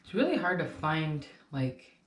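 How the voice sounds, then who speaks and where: A young woman with a low voice co-hosts a snack show, talking loosely and circling back with plenty of "like" and "um." The room around her rings with noticeable echo. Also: sing-song, unhurried. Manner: rambling, filler-heavy storytelling. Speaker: co-host. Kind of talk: casual chat. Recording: echoey room.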